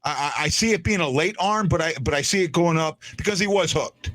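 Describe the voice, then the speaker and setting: A fairly high-voiced man hosting a casual sports talk show. He chats loosely and trips over his words, repeating himself as he goes. The sound is close and dry, with no room around it. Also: fairly quick, a bit bright, no room sound. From United States. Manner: chatty, stumbles and repeats words. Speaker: podcast host.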